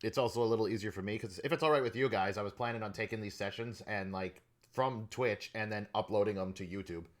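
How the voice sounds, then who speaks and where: A man in a tabletop group, asking about the schedule in halting casual speech. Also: on the low side. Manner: halting, repeats words. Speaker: tabletop player. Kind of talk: casual chat on a voice call.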